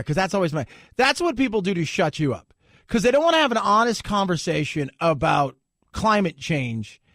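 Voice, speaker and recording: A man's voice: sits high, fairly bright tone, no room sound, studio quality. A man hosting talk radio, giving an opinionated, sarcastic monologue and putting on mocking voices now and then. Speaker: radio talk show host.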